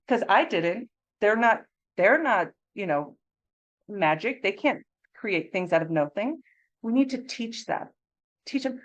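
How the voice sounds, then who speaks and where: A woman in her thirties, an early childhood mental health consultant, giving an animated, conversational training talk to educators. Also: medium pitch, measured pace, lo-fi sound. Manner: animated, conversational, acts out classroom phrasings in a bright teacher voice.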